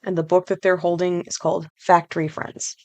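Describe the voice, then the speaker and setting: A woman's voice: lowish voice, level tone, fairly quick, a little mellow. A woman author and illustrator presenting and reading from her own children's book in a friendly, conversational way.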